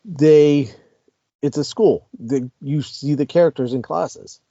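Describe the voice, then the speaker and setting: Male podcast co-host, deep mellow tone, relaxed chat, dry lo-fi recording. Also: takes it slowly, no echo. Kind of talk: casual review chat.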